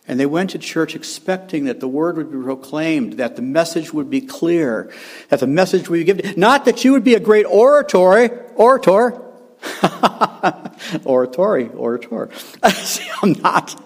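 A man's voice: on the high side, animated, moderate pace. An older man preaching a sermon, emphatic, repeating his key phrases and chuckling at his own slips.

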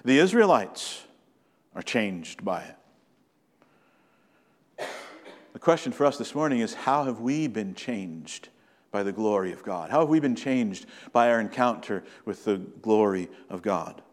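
A male pastor preaching a sermon in an earnest way, slowing down and lifting his voice to stress key points. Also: fairly low pitch, lively intonation. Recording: long hall reverb.

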